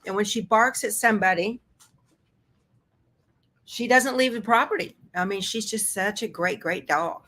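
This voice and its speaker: Woman, cheerful sewing-stream host, casual chatter, quick laughs, home sewing room. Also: mid-range voice, a bit bright, a little hiss or hum. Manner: chatty, upbeat, laughs often. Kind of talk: casual live-stream chat.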